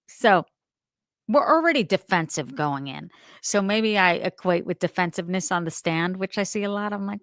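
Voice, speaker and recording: A woman's voice: medium pitch, expressive, normal speed, no echo, clean studio sound. A middle-aged woman from New Jersey hosting a casual live stream about a trial, talking nonstop in a rambling, self-deprecating way. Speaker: true-crime show host.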